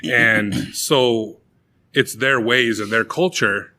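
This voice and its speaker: A young man co-hosting a podcast, casually and profanely retelling a movie with lively acted-out quotes. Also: mid-range voice, slow, slight background noise. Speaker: podcast co-host. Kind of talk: casual chat.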